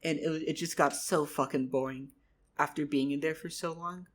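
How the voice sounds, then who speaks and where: A man's voice: on the high side, steady tone, moderate pace. A man telling a rambling improvised fantasy story, repeating his words and swearing casually. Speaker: vlogger.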